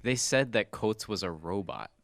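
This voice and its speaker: A man's voice: lowish voice, lively intonation, moderate pace, dry recording, studio quality. A young man in his twenties co-hosting a podcast, telling stories in casual chat full of "like" fillers. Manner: rambling, filler-heavy storytelling. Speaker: podcast co-host.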